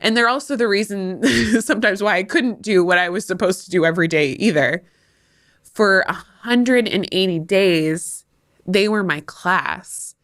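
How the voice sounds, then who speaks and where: A woman's voice: mid-range voice, unhurried, fairly bright tone, no echo, clean studio sound. A woman hosting a podcast, a former teacher talking candidly and heartfelt, often laughing at herself. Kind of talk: candid monologue.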